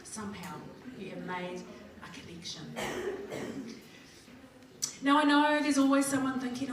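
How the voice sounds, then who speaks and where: A woman's voice: on the high side, animated, unhurried, pauses often. A middle-aged woman with a New Zealand accent gives a chatty, humorous conference talk, acting out little dialogues. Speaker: conference speaker. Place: conference hall. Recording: very echoey hall from a distance. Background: audience laughing.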